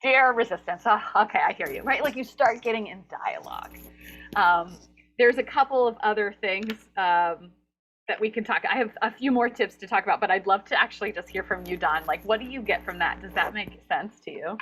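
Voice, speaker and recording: A woman being interviewed as a guest coach for actors, talking in an animated, expressive way and acting out her inner voices. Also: medium pitch, a little fast, poor audio. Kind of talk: summit interview conversation.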